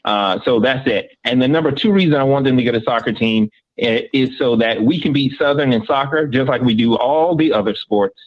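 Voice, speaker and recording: A man's voice: mid-range voice, a little fast, few pauses, dull audio. A middle-aged man from Florida calling in to a sports show, politely working through points he wrote down. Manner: polite, reading prepared points. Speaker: caller.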